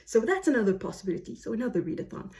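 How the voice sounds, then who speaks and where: A woman from Canada hosting a book video in a casual, chatty way, rambling and correcting herself with frequent fillers and quick asides. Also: fairly high pitch, very animated, darkish tone. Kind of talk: casual chatty vlog talk.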